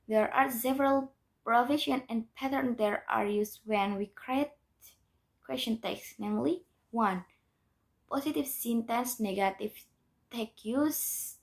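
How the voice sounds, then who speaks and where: Young woman reading a grammar lesson. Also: fairly high pitch. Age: young adult. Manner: careful, methodical reading with small restarts. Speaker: student presenter.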